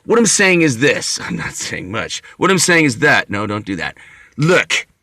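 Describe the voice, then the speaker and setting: A man's voice: medium pitch, sing-song, moderate pace, bright, forceful tone. A man telling a long, rambling story to camera, profane and wry. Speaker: vlogger. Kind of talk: rambling monologue.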